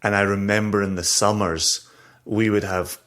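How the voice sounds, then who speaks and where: A man's voice: lowish voice, level tone, moderate pace, a bit bright. A middle-aged man with a Scottish accent, co-hosting a podcast in casual, joking chat. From Scotland. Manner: chatty, self-deprecating, laughs often. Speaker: podcast co-host.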